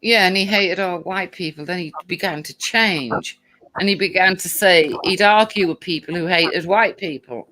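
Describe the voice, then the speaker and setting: A woman's voice: lowish voice, normal speed, bright, forceful tone, low-quality recording. An older woman chatting casually as a guest, blunt and outspoken. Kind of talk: casual chat.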